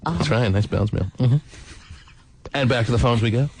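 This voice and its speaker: A man hosting a morning radio call-in show, teasing callers in a sing-song, drawn-out way. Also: medium pitch, darkish tone, husky.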